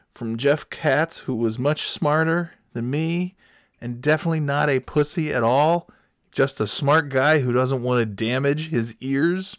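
A man telling a comic story in an animated, profane, self-mocking way. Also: medium pitch, no room sound, studio quality.

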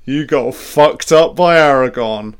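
A man talks over a film as it plays, reacting with excitement and cursing freely. His delivery is slow and drawn out, with an ordinary mid-range pitch. He sounds like a fan chatting casually rather than a polished presenter. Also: clear, resonant tone. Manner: excitable, heavy swearing, reacts aloud to the screen. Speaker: film commentator.

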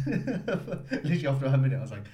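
A man co-hosting a casual podcast, telling a story in quick slang and laughing as he talks. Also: mid-range voice, sing-song, dark tone, highs cut off. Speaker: podcast co-host. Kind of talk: casual banter. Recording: echoey room with faint noise.

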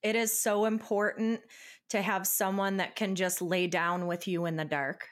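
A woman's voice: medium pitch, level tone, moderate pace. A woman co-hosting a casual podcast, talking in a reassuring way and laughing easily. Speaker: podcast co-host. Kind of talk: casual chat.

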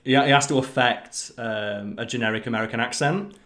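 A man's voice: medium pitch, a little fast, fairly bright tone. A man in casual podcast chat, telling stories with enthusiasm and plenty of swearing.

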